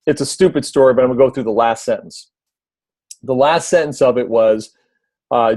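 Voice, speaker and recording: Guy coaching his team on video, mid pitch, casual, lots of uh and you know, dry sound. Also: moderate pace, long pauses, no room sound. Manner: conversational, repeats himself, many fillers and restarts; briefly mimics a loud announcer voice. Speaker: coach giving video tips on a team call. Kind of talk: casual instructional talk.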